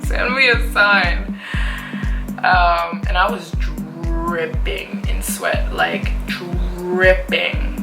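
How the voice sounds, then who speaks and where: A young woman vlogger telling a story in a lively way, full of fillers. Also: on the low side, extremely slow. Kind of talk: storytime narration. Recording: roomy echo with faint music.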